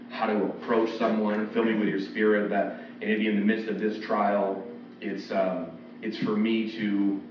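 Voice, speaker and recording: A man preaches in a relaxed, conversational way and slips into quoted voices. His voice sits a little low and is picked up from a distance in a very echoey church. The sound is dull, with faint noise behind it. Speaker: pastor. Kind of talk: expository sermon. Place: church sanctuary.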